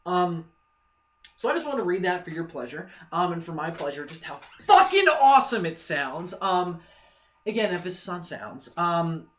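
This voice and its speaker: An excitable young man rambling through casual fan commentary on a vlog. He swears freely, trails off into fillers, and keeps circling back to the same point. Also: on the high side. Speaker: vlogger.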